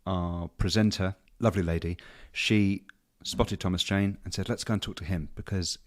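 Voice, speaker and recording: Low-voiced man telling a rambling story. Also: fairly even intonation, moderate pace. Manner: rambling anecdotal storytelling with many fillers. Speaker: podcast co-host. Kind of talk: casual chat.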